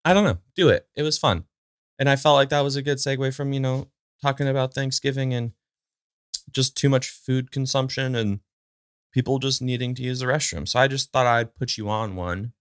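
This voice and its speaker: This is a man hosting his own podcast at home, speaking casually from a chair in front of a camera he records to. His medium-pitched voice is steady, clear and resonant at a normal speed, with no echo and clean studio sound. He rambles on his own with lots of fillers and comments to his dog.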